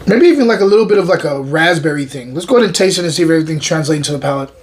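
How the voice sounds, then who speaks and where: A man hosting his own show, tasting and reviewing a wine in a relaxed, enthusiastic way and often repeating his words. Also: on the high side, rapid-fire.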